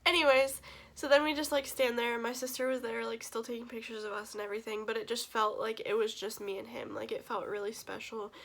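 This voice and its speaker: A woman's voice: fairly high pitch, fairly even intonation, quick pace, fairly bright tone. A young woman vlogger telling a personal story to camera in a casual, gushing way, tearful and full of fillers. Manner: gushing, emotional, many fillers.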